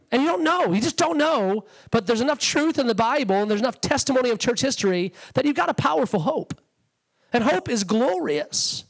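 A man's voice: very high-pitched, rough recording. A man preaching a sermon as a guest speaker, passionate and conversational, acting out little quotes. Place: church sanctuary.

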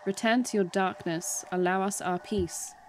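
A woman reading the quiet, solemn lines of ancient sleeping spirits. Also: mid-range voice, steady tone, moderate pace, heavy background noise, pitched below the performer's own voice, natural voice.

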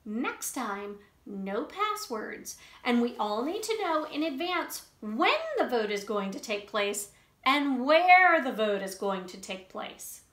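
A woman's voice: fairly high pitch, big pitch swings, slow pace, fairly bright tone, exaggerated voice. A woman voicing a principled young hen who protests and gets exasperated. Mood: indignant. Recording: roomy echo.

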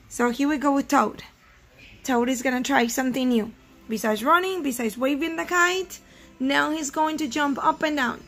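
Woman, first grade teacher, reading lesson, high voice, gravelly, asks children questions. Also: soft background music. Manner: slow, warm, questioning teacher talk, switching into Spanish.

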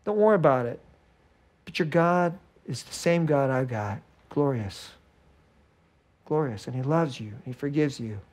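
A man delivers a sermon in a chatty, unpolished way, his fairly high voice rising on emphatic points and sinking to near-murmurs on tender ones. He laughs between phrases as he talks. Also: normal speed. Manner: conversational preaching, swinging between bright and hushed. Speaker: pastor.

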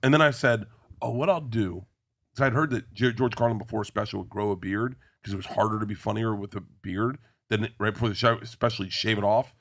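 A middle-aged man, a guest comedian, telling animated stories in a casual interview and acting out the people he quotes. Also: on the low side, fairly quick. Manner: animated storyteller, acts out quoted voices.

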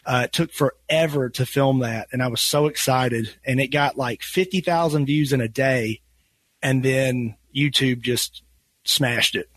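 A man's voice: mid-range voice, measured pace, fairly bright tone, dry recording. A man with a Western Kentucky accent, chatting easily as a podcast guest, rambling a little and laughing often. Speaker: guest, gun YouTuber. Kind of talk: casual podcast chat.

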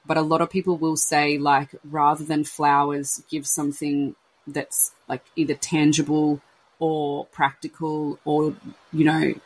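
A husky-voiced woman talks openly and emotionally, her sentences trailing off and restarting as she acts out her friends' words. Her speech is slightly breathy. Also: deep voice, little pitch movement, a little slow, low-quality recording. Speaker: podcast host sharing her baby loss. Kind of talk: candid casual chat.

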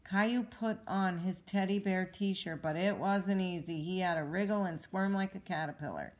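A woman reading a children's storybook aloud at home, with clear, even, expressive narration. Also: lowish voice, normal speed. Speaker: storybook reader.

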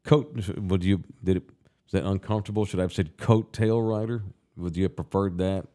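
A man's voice: deep voice, steady tone, fairly quick, warm tone. A man hosting a casual talk show, ranting profanely and with animation.

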